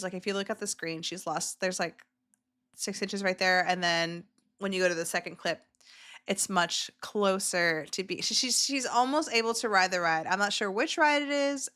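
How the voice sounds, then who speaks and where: A woman's voice: medium pitch, moderate pace, pushed and bright. A woman hosting a casual reaction video who gushes emotionally over clips, with many filler words.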